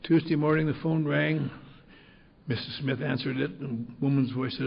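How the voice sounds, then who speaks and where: Gravelly older man, blunt storyteller. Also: mid-range voice, fairly even intonation, moderate pace, dull audio. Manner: blunt, salty humor. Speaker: recovery meeting speaker. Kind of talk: storytelling talk. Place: convention hall.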